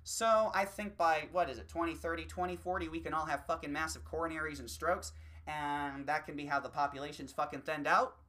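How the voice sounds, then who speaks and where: A man delivering a rambling, swear-filled opinion rant, slipping into quick mocking voices. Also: fairly high pitch, fairly even intonation, a bit bright. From United States. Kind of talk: profane opinion rant monologue.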